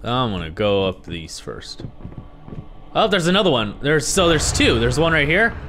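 A young man commenting on a horror game he is playing, sarcastic and swearing, jumping between low mutters and startled yelps. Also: very animated, moderate pace, fairly bright tone, a little hiss or hum. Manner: jumpy, sarcastic and profane, swinging from muttering to yelps. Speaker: gaming video host. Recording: faint music behind the voice.

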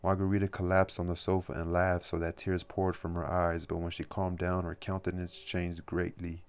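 Deep, flat male audiobook reader. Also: smooth. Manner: measured, steady, occasional restarts. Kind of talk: audiobook reading of a novel.

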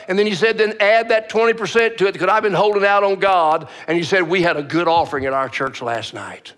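Bright high-voiced male preacher. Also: fairly quick, few pauses. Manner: storytelling with repeated stammered starts. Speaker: pastor. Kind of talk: sermon. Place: church.

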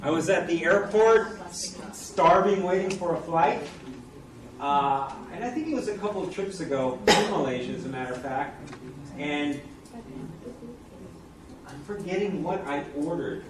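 A man's voice: a little high, animated, measured pace. A man giving a chatty product presentation, asking the audience questions, recorded from a distance in a noisy, echoey room. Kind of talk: live product talk to an audience.

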